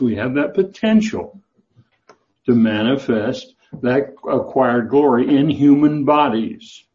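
A man with a low voice leads a Bible class. He talks loosely, with many fillers and restarts, and the recording sounds dull and muffled. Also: a little mellow. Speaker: Bible teacher.

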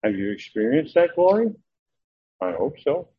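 A man preaching a verse-by-verse sermon in an earnest, emphatic way, often restarting and pausing on filler sounds. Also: a little high, sing-song, breathy edge. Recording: narrow, tinny phone-like sound.

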